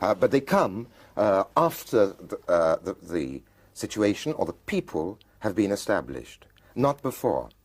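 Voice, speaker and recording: Deep, husky man musing about writing. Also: very animated, a little slow. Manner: musing, searching for words. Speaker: writer. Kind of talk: reflective conversation about writing.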